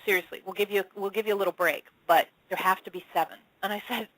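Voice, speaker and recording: Animated, storytelling woman with a dry sound. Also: fast, dry recording, poor audio. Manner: expressive, casual swearing, acts out dialogue with big pitch swings. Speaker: spiritual channel, interview guest.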